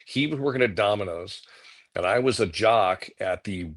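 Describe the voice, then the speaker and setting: Middle-aged man, casual storyteller, animated, acts out quotes. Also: fairly low pitch, normal speed. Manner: animated anecdotes, acting out quotes. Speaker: guest comic artist.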